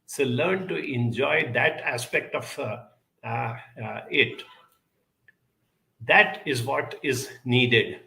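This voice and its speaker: Earnest creaky-voiced man in an echoey room. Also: mid-range voice, bright, forceful tone. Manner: measured, earnest, with frequent pauses and 'uh' fillers. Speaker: speaker answering audience questions. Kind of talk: advice talk.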